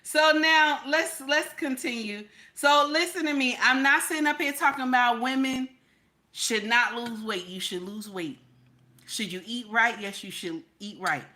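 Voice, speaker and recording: A married woman hosting her own channel, giving blunt, profane, animated commentary straight to her viewers. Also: fairly high pitch, unhurried. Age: adult, married. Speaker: channel host.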